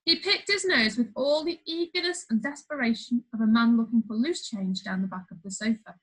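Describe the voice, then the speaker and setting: A woman's voice: on the high side, brisk, fairly bright tone, husky, rough recording. A woman reading a funny children's story aloud, playful, with chatty asides to the listener. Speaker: storybook reader.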